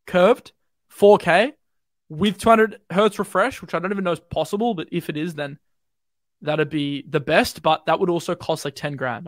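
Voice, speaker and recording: Australian young man, casual live streamer, slangy and rambling, somewhat high voice, dry close sound. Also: no echo. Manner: relaxed, rambling, quick and slangy with many fillers. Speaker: crypto streamer. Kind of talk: casual live-stream chat and chart commentary.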